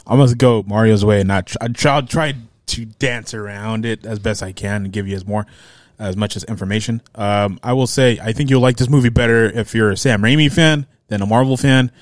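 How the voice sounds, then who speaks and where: A man's voice: fairly low pitch, brisk, dry recording, studio quality. A man co-hosting a casual movie podcast, loose and laughing, often stumbling and restarting his sentences. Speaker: podcast co-host. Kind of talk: casual movie review chat.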